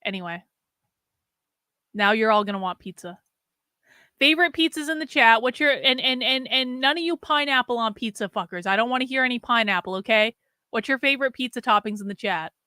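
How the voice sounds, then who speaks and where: Brief: female host, bright and forceful tone, blunt chatty commentary, casual swearing. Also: a little high, lively intonation, brisk, no echo, clean studio sound.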